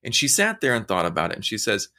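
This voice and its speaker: A man in a casual motivational talk whose pitch jumps up and down as he tells stories. His tone is bright and forward, and he talks straight to the listener. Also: fast talker. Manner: animated storytelling, acting out quoted voices; conversational, addresses listener directly.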